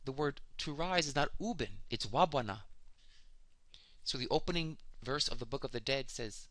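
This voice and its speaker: A man's voice: mid-range voice, expressive, sharp tone, no room sound. A man giving a spiritual lesson on sound magic, explaining words and spelling out how to pronounce them. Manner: slow, deliberate explaining, spelling out pronunciations. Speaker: spiritual teacher.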